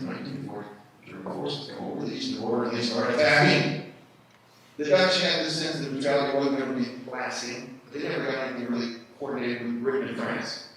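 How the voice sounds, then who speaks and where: A man giving a lively live history lecture, often putting questions to his audience. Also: medium pitch. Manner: animated, asks the audience questions. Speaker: history speaker at a workshop. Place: indoor event room with audience. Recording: echoey room from far off, faint noise.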